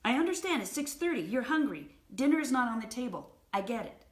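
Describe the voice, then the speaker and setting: A woman's voice: fairly high pitch, big pitch swings, brisk, pitched above the performer's own voice. A woman doing an exasperated, sarcastic wife. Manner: sharp, sarcastic, raised. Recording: roomy echo.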